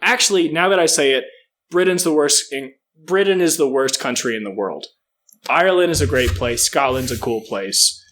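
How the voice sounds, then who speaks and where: A man's voice: a little high, animated, moderate pace, fairly bright tone. A man co-hosting a casual comedy podcast, ranting profanely and doing mocking impressions. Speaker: podcast co-host.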